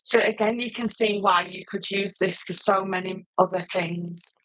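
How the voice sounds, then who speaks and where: A middle-aged woman, chatting loudly and laughing often as she presents paper crafts on a live stream. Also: mid-range voice, steady tone, normal speed, no echo, low-quality recording. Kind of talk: casual live stream chat.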